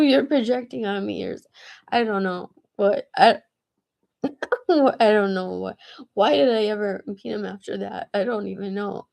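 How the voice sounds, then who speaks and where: A woman's voice: medium pitch, creaky. A woman telling a long personal story in a loose, rambling way, often laughing, restarting and filling with "like". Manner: laughs often, trails off and restarts, says "like" a lot. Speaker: vlogger.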